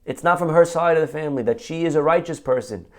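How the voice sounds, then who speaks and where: A man's voice: on the high side, fast. A man, a rabbi, giving a conversational Torah class, asking rhetorical questions and quoting Hebrew texts. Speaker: rabbi teaching.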